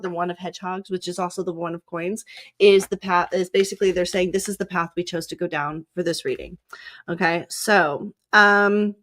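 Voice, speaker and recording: A woman's voice: mid-range voice, fairly bright tone. A woman from Southern California giving a casual, chatty tarot reading, often breaking into laughter. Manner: giggly, chatty, frequent laughter. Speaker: psychic reader.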